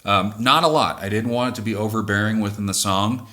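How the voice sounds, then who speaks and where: A man who sings in a cover band, calmly explaining how he builds a track, pausing to correct himself as he goes. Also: fairly low pitch. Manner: measured, thoughtful, self-correcting. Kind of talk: explaining music production.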